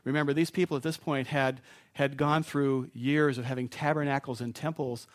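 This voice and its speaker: A man's voice: medium pitch, fairly even intonation, moderate pace. A man preaching a sermon to a live congregation in a conversational way, with asides and self-deprecating jokes.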